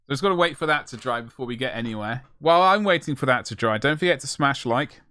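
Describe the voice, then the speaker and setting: A man's voice: mid-range voice, animated, quick pace, sharp tone, no room sound. A young man chatting casually and jokingly while painting miniatures on a live stream, rambling with self-mocking asides.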